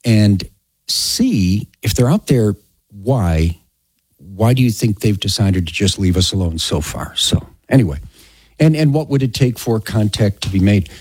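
A man's voice: fairly low pitch, measured pace, breathy edge, no echo. A man hosting a talk radio show, chatting casually and taking on-air questions. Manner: relaxed, conversational, frequent "yeah".

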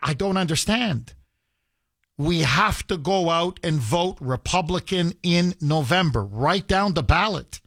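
A man's voice: high-pitched, pushed and bright, no room sound, studio quality. Emphatic, heated male radio host. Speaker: radio talk show host. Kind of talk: call-in radio talk.

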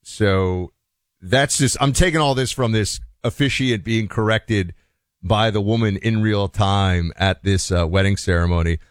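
A male talk radio host rambles through his opinions with plenty of restarts and asides. His voice sits at an ordinary pitch and sounds dry and close to the studio mic. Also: unhurried, no room sound. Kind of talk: conversational radio monologue.

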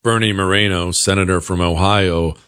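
A man's voice: sits low, fairly even intonation, normal speed, fairly bright tone, no room sound, studio quality. A male talk show host giving political commentary in a blunt, sarcastic way.

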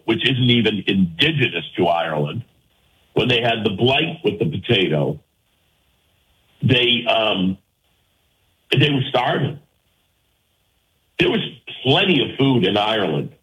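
A man's voice: mid-range voice, animated, measured pace, pauses often, fairly bright tone, rough recording. A man hosting a call-in radio show, arguing his point emphatically and firing rhetorical questions at his listeners. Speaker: talk radio host.

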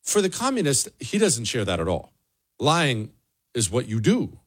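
A man delivers an opinionated solo monologue as the host of a commentary show. His pitch moves a lot, rising and dropping for emphasis, while his voice stays in an ordinary middle register. He sounds sarcastic and emphatic and often repeats phrases. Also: wildly swooping pitch, normal speed, breathy edge.

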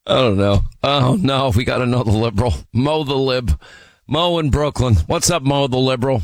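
A man's voice: mid-range voice, moderate pace, no room sound. A man hosting a call-in radio show, blunt and mocking, talking over callers in a dry studio. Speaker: radio talk show host. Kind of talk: combative call-in radio talk.

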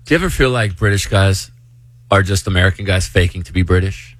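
A man co-hosting a radio show, joking around and asking quick, playful questions. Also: deep voice, fairly bright tone, no room sound. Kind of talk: casual radio banter.

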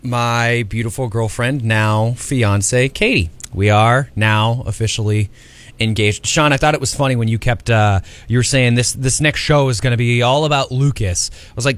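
A man's voice: mid-range voice, moderate pace. A young man co-hosting a casual radio show, teasing his co-hosts drily. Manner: dry teasing.

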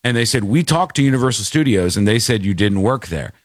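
A man's voice: on the low side, a little fast, no room sound, clean studio sound. A man hosting a casual talk show, telling stories animatedly and acting out the people he quotes. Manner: animated storyteller, acts out quotes. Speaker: podcast host. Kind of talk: casual chat.

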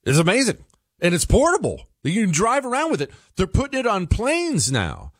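A man's voice: high-pitched, wildly swooping pitch, normal speed, slightly rough, no echo. Male commentator, emphatic, repetitive, dry close sound. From United States. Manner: emphatic, repeats himself. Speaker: political commentary host. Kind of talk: opinionated monologue commentary.

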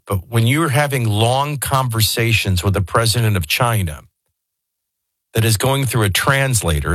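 A man with a mid-range, slightly bright voice hosts a talk radio show, offering casual commentary into a studio microphone. He speaks conversationally and digressively, sprinkling in folksy asides, and there's no room sound.

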